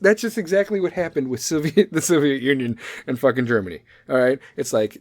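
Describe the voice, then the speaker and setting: A man's voice: a little high, no echo. Profane sarcastic man riffing. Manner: sarcastic, profane, laughs at own jokes. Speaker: podcast host. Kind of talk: casual profane history riff.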